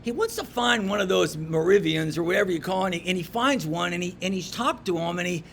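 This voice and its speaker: A man giving a storytelling devotional talk to a men's group in a pub, animated and swinging from loud emphasis to hushed asides. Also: sits high, fast, creaky, a little hiss or hum. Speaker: men's ministry speaker. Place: pub room.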